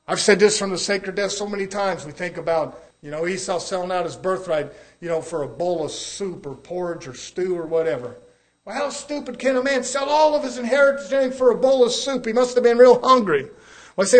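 Animated and brisk, a male preacher gives a folksy, emphatic church sermon, breaking into chuckles and sinking into a low hush.

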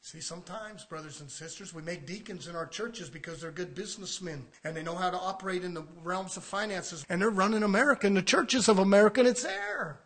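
A man preaching a fiery sermon, swinging from shouted peaks down to low, hushed lines. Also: expressive, brisk, hardly any pauses.

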